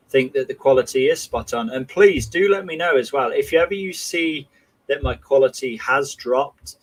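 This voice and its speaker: A man's voice: medium pitch, poor audio. A man hosting a casual livestream, reading viewer comments in a chatty, friendly way with many fillers. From England. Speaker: livestream host.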